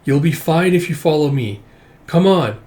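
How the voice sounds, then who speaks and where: A falsely soothing young man coaxes someone along in a gentle, eerily calm voice, as a man reading a comic puts him on. It sits a little higher and louder than his usual talk. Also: moderate pace, close to an everyday voice. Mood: coaxing. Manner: gentle, coaxing.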